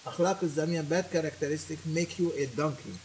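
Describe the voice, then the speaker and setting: A man's voice: a little high, a little fast, darkish tone, rough recording. Male teacher giving a sermon, faint hiss. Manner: switches between languages, teaching with repetition and questions to listeners. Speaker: religious teacher. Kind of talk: sermon with translation.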